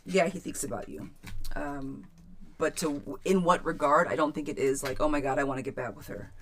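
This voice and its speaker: A woman's voice: low voice, fairly even intonation, moderate pace. Chatty woman reading tarot live. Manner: chatty, reads viewer questions aloud, calls viewers girl and friend. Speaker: tarot reader.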